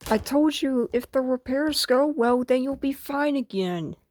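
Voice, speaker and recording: A woman's voice: sits high, expressive, a little slow, hardly any pauses, darkish tone, dry recording, clean studio sound. A woman hosting a casual comedy skit, patiently correcting and teasing. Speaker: video host and skit performer.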